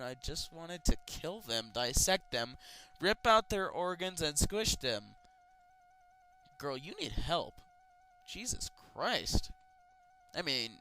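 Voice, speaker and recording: A man's voice: on the high side, pushed and bright, smooth, rough recording. A man giving a comedic reading of an amateur horror story, breaking off often to mock it in a sarcastic, exasperated way and swearing freely. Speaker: reader of amateur horror stories. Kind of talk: comedic dramatic reading with commentary.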